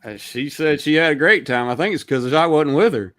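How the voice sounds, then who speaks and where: A middle-aged man with a drawl, telling stories in a casual chat and laughing at his own punchlines. His voice sits fairly high and lively, and the sound is dry and close. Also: brisk, no room sound. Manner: storytelling, laughs at own jokes. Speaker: host.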